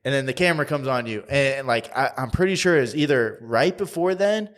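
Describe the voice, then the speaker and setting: Picture a man from rural Tennessee spinning a story as a podcast guest. He talks at an ordinary middle pitch and laughs easily. He trips over his own starts and acts out what people said. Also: brisk. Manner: animated storyteller who laughs often and acts out quotes; frequent restarts and fillers, rambling. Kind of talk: casual storytelling interview.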